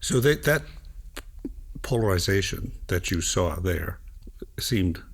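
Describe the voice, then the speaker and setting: A man hosts an interview podcast and tosses in short, casual questions. His voice sits very low and rough, husky and gravelly, with lively swings in pitch. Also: slow. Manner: brief, conversational questions. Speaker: podcast host.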